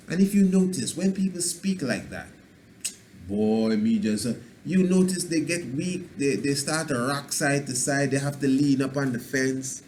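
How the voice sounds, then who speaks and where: A man's voice: on the high side, darkish tone, slight background noise. A man giving a radio self-help talk as a spiritual teacher, rambling and preachy, acting out little scenes in dialect.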